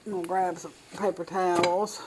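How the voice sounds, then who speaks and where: A woman's voice: fairly low pitch, flat delivery, moderate pace, noisy background. An older woman with a Southern US accent, chatting folksily and enthusiastically while demonstrating home cooking in her kitchen.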